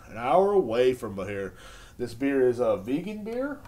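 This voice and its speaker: A man hosting a casual beer podcast, telling a sarcastic, profane story with a lot of rambling. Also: moderate pace. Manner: lively pitch jumps when mimicking others. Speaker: podcast host.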